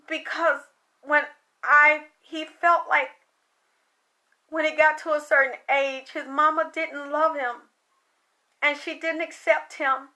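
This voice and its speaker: High, bright-voiced woman relaying a spirit. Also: level tone, takes it slowly, pauses often. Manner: emotional, rambling, swears casually. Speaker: psychic medium. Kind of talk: channeling spirit messages, monologue.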